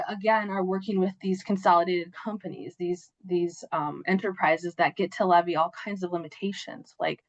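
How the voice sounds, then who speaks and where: Hoarse woman giving a webinar talk. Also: fairly low pitch, no echo. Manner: conversational, with frequent fillers and "right?" asides. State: losing her voice, clearing her throat. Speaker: webinar presenter. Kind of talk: presenting slides in a webinar. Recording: dull, dry video-call audio.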